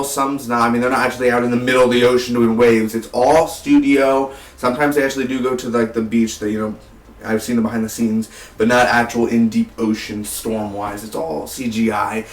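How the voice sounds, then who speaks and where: A man talking through a movie review in a loose, rambling vlog style, peppered with fillers and calling the listener "man". His voice sits in a middle pitch. The sound is roomy, as if he's sitting a few feet from the microphone. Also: fairly bright tone. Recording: roomy, distant from the mic.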